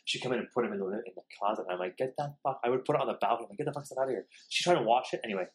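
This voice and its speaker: A man rattles through a story at high speed in casual chat. He swears freely and animates it by acting out each exchange. His pitch sits in an ordinary middle range. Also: slight background noise. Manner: fast, profane, animated storytelling.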